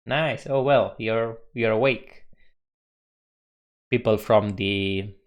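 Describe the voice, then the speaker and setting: A man talks casually to his stream chat at a slow, easy pace. His voice sits a little low, and he chuckles often as he reads out comments and greets viewers. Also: dull audio. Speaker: coding live streamer.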